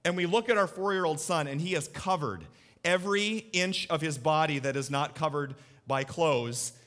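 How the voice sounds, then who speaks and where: At normal speed, in a slightly high and fairly bright voice, a man in his thirties gives a sermon to a live audience in church. The pastor talks conversationally, puts questions to his listeners, and tells stories about his family.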